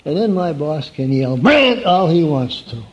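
A man's voice: fairly high pitch, moderate pace, dark tone. A man preaching an evening sermon in a conversational, folksy way, often putting questions to his listeners. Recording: dull lo-fi recording.

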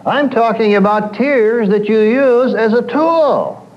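This man's voice is extremely high-pitched and slow, captured with lo-fi sound. He gives a counselor's lecture to an audience, spinning animated stories and acting out quotes from his clients.

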